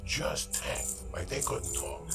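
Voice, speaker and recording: A man hosting a podcast, telling a story in a loud, animated and profane way. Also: slow, over music. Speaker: podcast host. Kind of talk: casual storytelling chat.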